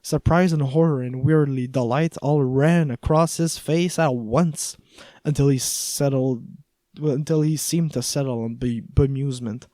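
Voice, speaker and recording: Guy narrating an audiobook, wry and chatty, warm mellow voice, dry close recording. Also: medium pitch, steady tone, unhurried, no room sound. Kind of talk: first-person audiobook narration.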